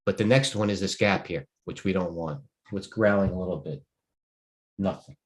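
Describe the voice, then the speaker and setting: A middle-aged man with a fairly low voice talks through stock charts on a live stream. He is a little tired and rambles, thinking aloud and breaking off mid-sentence. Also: moderate pace, husky. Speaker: stock trading host. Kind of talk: live trading stream commentary.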